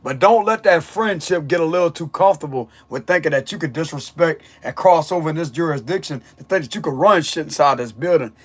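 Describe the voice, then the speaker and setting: Man, tarot reader, higher-pitched voice, blunt and emphatic, strained voice. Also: a little fast, few pauses, slightly rough. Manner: forceful, emphatic, repeats himself. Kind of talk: blunt spiritual reading monologue.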